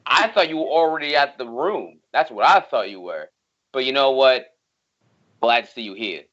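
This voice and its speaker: A man plays his character in a tabletop game in a laid-back, slangy way, in a middle pitch. The audio is dull and lo-fi. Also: expressive, normal speed, a bit bright. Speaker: player. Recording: dull lo-fi sound.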